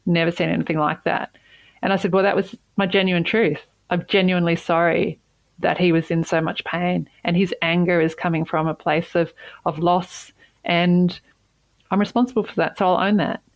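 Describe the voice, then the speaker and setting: A woman with a somewhat low voice tells a personal story in an interview with earnest emphasis. She doubles back on words to stress her point. The sound is dry and close. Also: level tone, moderate pace, no room sound, low-quality recording. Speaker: CEO, interview guest.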